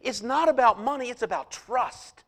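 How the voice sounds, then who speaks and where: High-voiced man preaching a sermon. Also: moderate pace. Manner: storytelling, animated, preaching with rising emphasis. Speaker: pastor.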